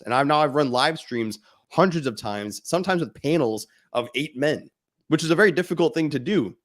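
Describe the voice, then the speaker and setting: Male podcast co-host, mid-range voice, blunt and profane motivational delivery. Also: medium pitch. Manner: blunt, swears freely, speaks directly to the listener.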